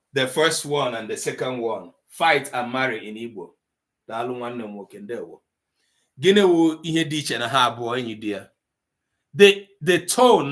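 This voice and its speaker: A man teaching a live online language class, slowly sounding out syllables in high and low tones. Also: fairly bright tone. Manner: slow, deliberate teaching, mixing English and Igbo.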